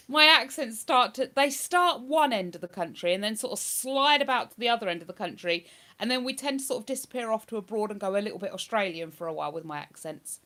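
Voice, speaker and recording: A woman talks casually on a live stream, reading out comments from chat and replying to them. Her voice sits a little high and sounds bright and forward. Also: big pitch swings, normal speed. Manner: chatty, reads viewer comments aloud and answers them.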